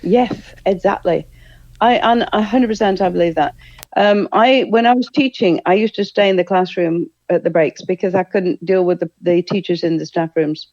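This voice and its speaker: Mellow-voiced woman guest, lo-fi sound. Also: medium pitch, moderate pace, no room sound. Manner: enthusiastic, acts out quoted speech. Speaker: guest, therapist and trainer. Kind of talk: conversational interview. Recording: dull lo-fi sound.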